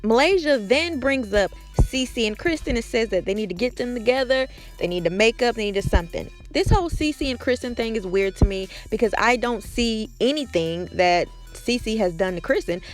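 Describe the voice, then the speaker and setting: A woman's voice: on the high side, lively intonation, normal speed, hardly any pauses, soft background music. A woman hosting a casual, gossipy recap of a TV episode, with sassy asides. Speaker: recap podcast host.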